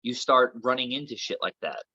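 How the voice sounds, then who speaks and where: A man from Florida, a comedian appearing as a podcast guest, chats casually and rambles with plenty of filler words. His mid-range voice is animated and brisk, with a sharp, breathy tone. The audio is dull, with no room sound.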